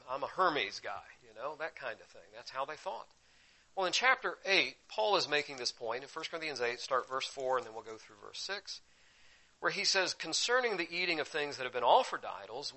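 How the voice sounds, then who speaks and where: A man preaching a sermon, teaching with sudden bursts of loud emphasis that drop into quiet asides. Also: a little high, big pitch swings, a little fast, poor audio. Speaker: pastor.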